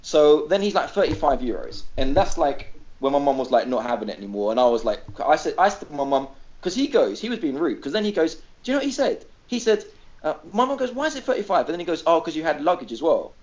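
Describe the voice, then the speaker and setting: A man from Greece tells a story on a podcast in a higher-than-usual voice that swings widely up and down. He swears freely and acts out the people he quotes. The recording sounds dull and lo-fi. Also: big pitch swings, fast, a little mellow. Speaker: podcast regular. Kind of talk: casual storytelling.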